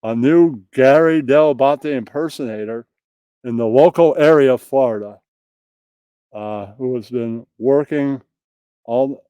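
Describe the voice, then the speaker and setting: A man reading out a crude comedy bit, profane and deadpan, tagging his jokes. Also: medium pitch, unhurried, clean tone, dry recording, muffled recording. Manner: profane, deadpan, tags jokes with "that's right". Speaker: comedy reader.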